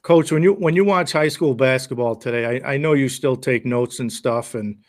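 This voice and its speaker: A man's voice: mid-range voice, normal speed. A man interviewing his former coach, affirming the stories and asking open questions. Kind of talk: casual interview.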